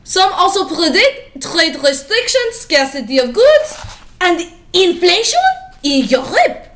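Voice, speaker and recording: A woman's voice: very high voice, big pitch swings, measured pace, fairly bright tone. A teenage girl playing a news anchor in a playful school project news parody.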